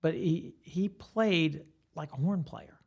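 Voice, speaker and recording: A man's voice: fairly high pitch, slow pace, vocal fry, a little mellow, dull audio. An older man who teaches guitar, giving rambling, teacherly explanations as a guest in a casual podcast interview.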